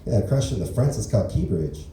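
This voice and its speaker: Stand-up man, open mic, dark low voice, rambling deadpan delivery, echoey far-off club sound. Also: a little fast, slight background noise. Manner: rambling, filler-heavy, deadpan. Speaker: stand-up comedian. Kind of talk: stand-up comedy set.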